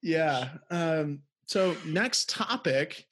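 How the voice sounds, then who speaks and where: A man's voice: on the high side, expressive, drawn-out words, a bit bright. A young man co-hosting a podcast in laid-back, teasing casual chat. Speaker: podcast co-host.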